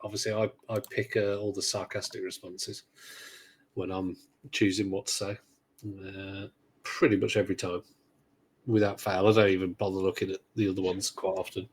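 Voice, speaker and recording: A man's voice: low voice, little pitch movement, normal speed, breathy edge. A man, co-hosting a gaming podcast in casual chat, rambling with dry, sarcastic humor. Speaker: podcast co-host.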